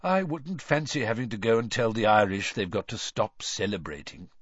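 A fretful middle-aged wizard dad, voiced by a male audiobook narrator, his pitch swinging widely from drowsy mumbles to urgent calls. The recording is dry and a little dull, like a close studio mic with the top end rolled off. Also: lively intonation, moderate pace, dry recording. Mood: sleepy. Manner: sleepy muttering, then urgent shouting. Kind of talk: audiobook character voice.

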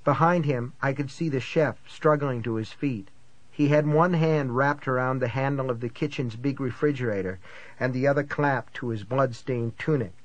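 Male audiobook narrator, first-person thriller, tense and measured, middle pitch, dry close sound. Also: no room sound.

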